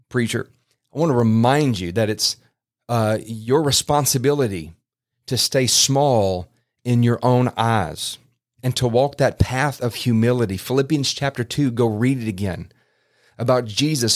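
Earnest rambling man podcasting. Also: mid-range voice. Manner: earnest, rambling with restarts and fillers. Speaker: podcast host. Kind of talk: casual podcast preaching. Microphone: podcast microphone.

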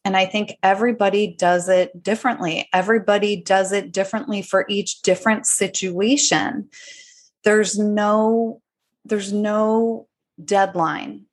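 A woman hosting a podcast, talking in a thoughtful, measured way in casual conversation. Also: mid-range voice. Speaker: podcast host.

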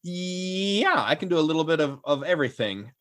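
A man's voice: a little high, expressive, moderate pace, a bit bright, no echo, clean studio sound. A young adult man, a voice actor, chatting casually in an interview in a self-effacing way. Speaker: voice actor and audiobook narrator.

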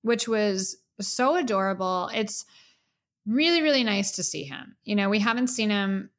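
A woman co-hosting a podcast, chatting casually and excitedly about her favorite pop stars. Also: medium pitch. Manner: excited, gushing, quick asides. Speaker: podcast co-host. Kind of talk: casual fan chat. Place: home in New York.

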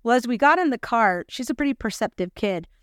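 A woman's voice: a little high, expressive, a little fast, clean tone, dry recording, clean studio sound. A woman hosting a gospel lesson podcast, mixing scripture with chatty, confiding personal stories. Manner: chatty, confiding, self-deprecating.

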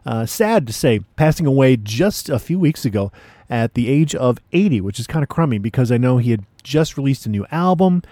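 A male radio DJ with a mellow, darker voice talks in a relaxed, rambling way between records, often pausing on "uh" and "you know." His pitch sits in an ordinary middle range. The recording is dry and close, with no room sound. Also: no echo. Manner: laid-back and chatty, with frequent "uh" and "you know". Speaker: radio DJ host.

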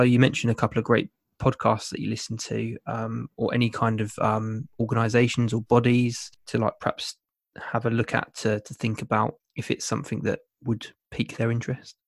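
A man's voice: mid-range voice, no echo, clean studio sound. A man hosting a podcast interview, chatty and easygoing, laughing often and repeating words as he searches for them. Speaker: podcast host. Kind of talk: casual interview chat.

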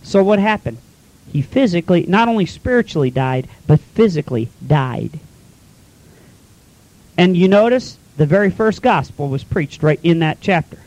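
A man's voice: high-pitched, lively intonation, normal speed, darkish tone, low-quality recording. A man preaching a folksy sermon, retelling scripture in plain everyday talk.

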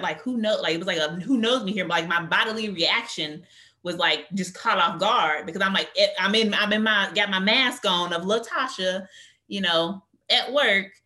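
Lively woman with a bright, forceful voice. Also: fairly low pitch. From United States. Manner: animated storyteller, acts out quotes. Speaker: guest, career coach. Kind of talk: conversational interview.

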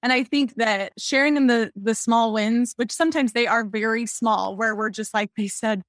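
A young woman, a pediatric speech-language pathologist, telling stories in a podcast interview in a chatty, animated way, laughing often. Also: on the high side, moderate pace, no echo, clean studio sound.

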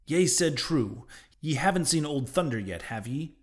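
A man voices a ragged old sailor prophet, pitching his voice above his own into a high-ish register while staying close to an everyday sound. At a moderate pace and with lively intonation, he delivers emphatic, derisive lines in archaic sea speech. The mood is ominous.

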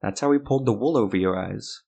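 A sharp-tongued young witch, blunt and cutting, in a lowish register. She is unimpressed by the men around her and says so plainly, as a man reads her in a fantasy audiobook. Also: quick pace, creaky, husky.

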